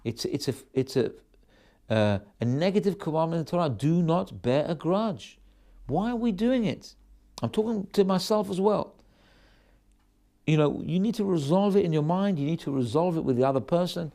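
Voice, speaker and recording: A rabbi giving a storytelling sermon with animated delivery, frequent restarts and repeated words. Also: male voice, fairly high pitch, moderate pace, creaky.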